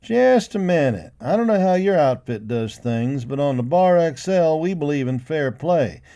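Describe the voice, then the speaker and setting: A man doing a firm, deliberate ranch hand. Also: a little high, lively intonation, warm tone, pitched above the performer's own voice. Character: firm male ranch hand, fair-minded.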